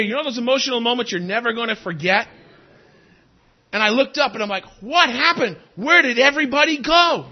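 High-pitched guy preaching, lively, asks the crowd stuff, muffled lo-fi audio. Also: slightly rough. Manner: animated, asks the congregation questions. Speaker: pastor. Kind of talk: sermon. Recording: dull lo-fi recording.

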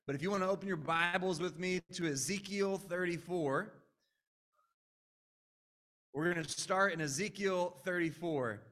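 A man's voice: sits high, measured pace, long pauses, fairly bright tone. A man preaching a conversational, earnest sermon as a pastor, with frequent restarts.

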